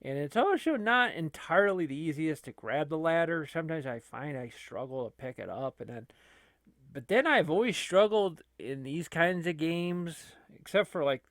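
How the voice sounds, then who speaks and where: A man's voice: fairly high pitch, lively intonation, normal speed, fairly bright tone, no echo. A man casually commentating a wrestling video game as a channel host, rambling with many fillers and laughing between remarks. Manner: rambling, laughing, filler-heavy, lots of restarts.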